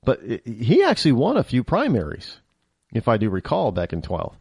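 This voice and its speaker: A man hosting a political talk show, giving an animated opinion monologue and often repeating and restarting his words. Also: medium pitch, moderate pace, breathy edge, no echo, clean studio sound.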